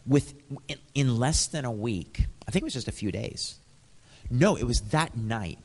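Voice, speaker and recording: A man from Canada preaching a sermon, telling stories with lively, animated quoted dialogue. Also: mid-range voice, normal speed, long pauses, big-room sound.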